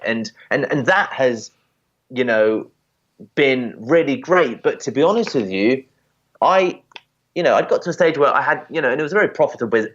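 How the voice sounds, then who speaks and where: Animated man in his thirties, stumbling restarts. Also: mid-range voice, muffled recording. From England. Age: 30s. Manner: fast, animated, many repeats and restarts. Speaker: podcast guest. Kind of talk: casual interview storytelling.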